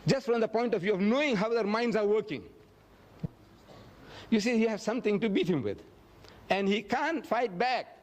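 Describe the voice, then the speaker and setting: A man lecturing in a fairly high voice, answering questions from the floor. He tells his stories emphatically, raising his voice to act out the quotes. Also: expressive, moderate pace, pauses often. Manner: emphatic, storytelling, acts out quotes with a raised voice. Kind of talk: public lecture Q&A. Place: lecture hall.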